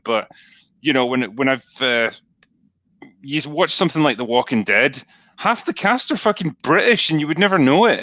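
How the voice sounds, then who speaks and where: A man's voice: medium pitch, pushed and bright, no echo. A man with a Scottish accent, co-hosting a casual chat, laughing often and swearing freely. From Scotland. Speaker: podcast co-host.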